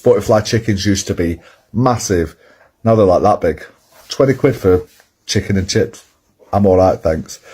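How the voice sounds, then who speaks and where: A man with a Lancashire accent talks straight to camera in a blunt, dry, matter-of-fact way. His voice sits very low and has a husky, breathy grain to it. It is casual social-video chat. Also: dark tone. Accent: Lancashire English. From Lancashire, England. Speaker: TikTok creator.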